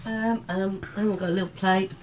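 A woman's voice: medium pitch, steady tone, fairly quick, background noise. A middle-aged woman hosting a home baking video, chatting casually and laughing often. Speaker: cooking vlog host.

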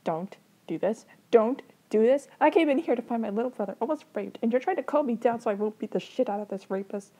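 A woman's voice: on the high side, sing-song, normal speed, dark tone, slightly rough, voice pushed up, exaggerated voice. A woman voicing an angry, protective older brother who swears and threatens in a fan story reading. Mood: furious. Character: furious protective older brother, young man.

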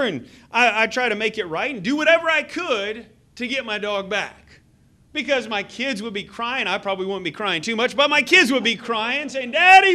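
A man in his thirties preaching a sermon as a church pastor, earnest and halting, with many fillers and restarts. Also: extremely high pitch, sharp tone. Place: church sanctuary. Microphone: handheld microphone.

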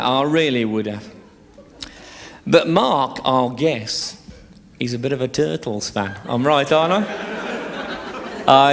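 A man in his thirties doing a crude, chatty live stand-up routine on a theatre stage, teasing the audience. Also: on the high side. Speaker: stand-up comedian. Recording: live show with audience laughter.

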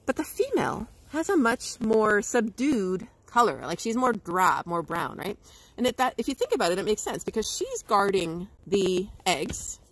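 A woman's voice: mid-range voice, sing-song, moderate pace, poor audio. A woman educator giving a playful livestream nature lesson to schoolchildren. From Canada. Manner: bubbly, playful, imitates bird calls.

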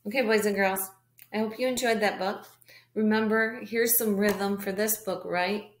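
A woman teaching kindergarteners a reading lesson, speaking slowly and encouragingly straight to the children. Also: medium pitch, steady tone, a little hiss or hum. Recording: echoey room.

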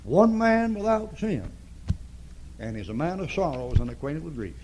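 A man's voice: fairly high pitch, big pitch swings, moderate pace, a little hiss or hum, low-quality recording. Older man preaching with fierce emphasis. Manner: emphatic, repeats phrases, swings from shouting to hushed. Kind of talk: fiery sermon. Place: church before a congregation.

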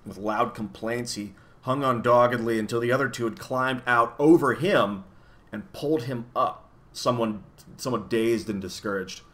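Bright, expressive male storyteller for a children's audiobook. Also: mid-range voice, normal speed. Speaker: reader. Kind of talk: reading a children's novel aloud.

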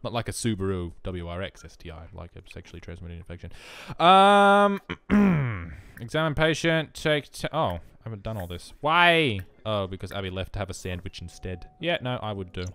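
A man's voice: on the low side, sing-song, normal speed, a bit bright, clean tone, no echo. A man giving rambling, self-mocking let's play commentary alone in his room, full of jokey asides. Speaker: gaming commentator.

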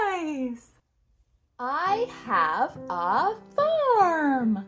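A woman teaching toddlers first phrases in a slow, playful, sing-song way, repeating simple sentences and making animal sounds. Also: on the high side, very animated.

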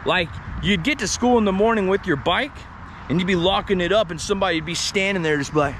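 Man, excitable, swears a lot, high voice, outdoor camera mic, faint traffic. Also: a little fast. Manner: excitable, swears freely, chatty asides. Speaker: paranormal explorer vlogger. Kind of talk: walking vlog narration to the camera.

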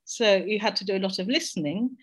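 A middle-aged woman from Jamaica speaks over a video call as a discussion panelist. She talks in a reflective, searching way, at a middle pitch. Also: fairly quick, breathy edge. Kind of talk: personal reflection in a group discussion.

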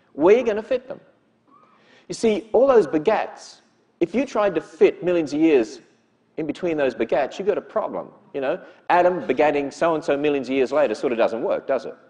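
A man speaks to a church audience in a lecture style. His voice sits a bit high and swings widely in pitch as he presses each point. He keeps tossing rhetorical questions back at the listeners. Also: darkish tone. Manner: emphatic, with frequent rhetorical questions.

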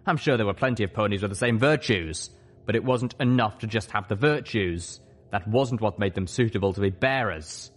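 A man voicing an ancient male dragon who explains things rapidly and earnestly. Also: lowish voice, a bit bright, lightly acted.

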